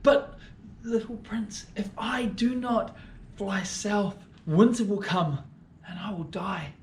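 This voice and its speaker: A man's voice: high voice, slow pace, slight background noise, voice pushed up. A man doing a fretful little swallow. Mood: worried. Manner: fretful, pleading, exclaiming. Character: small anxious male swallow bird. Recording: echoey room.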